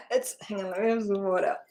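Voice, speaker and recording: A woman's voice: mid-range voice, fairly even intonation, moderate pace, gravelly, darkish tone. A middle-aged woman hosting a spiritual channel, talking casually and rambling, with many fillers and frequent laughs.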